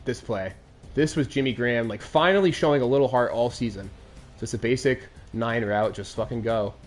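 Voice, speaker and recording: A man's voice: mid-range voice, normal speed, faint music behind. A man in his twenties hosting a game commentary show, recapping a lost Madden game in a crude, aggrieved rant. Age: 20s.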